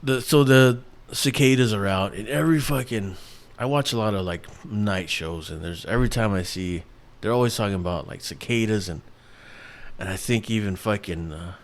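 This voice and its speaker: A man's voice: on the low side, normal speed. A man in his thirties, from New York, hosting a casual solo podcast, rambling with lots of restarts and fillers and swearing freely. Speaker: podcast host.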